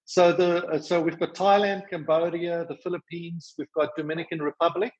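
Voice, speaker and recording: A fairly high-pitched South African man, working for a charity, explains its rescue work on a podcast. His pitch moves little, he rushes along with frequent fillers and restarts, and the sound is muffled.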